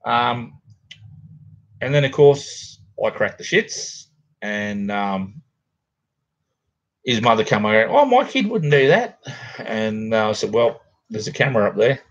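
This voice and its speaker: A man's voice: on the low side, steady tone, takes it slowly, pauses often, highs cut off. A middle-aged Australian man rambling casually to viewers while hosting a livestream from home. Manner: rambling, laid-back, chatty with viewers. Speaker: livestream host. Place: home, near a garage.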